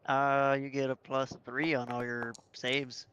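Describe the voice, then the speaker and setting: A man playing a tabletop game, making dry, deliberate remarks, sometimes in character. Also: mid-range voice, flat delivery, a bit bright, clear, resonant tone. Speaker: player. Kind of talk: casual game-table chat. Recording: dull lo-fi mic.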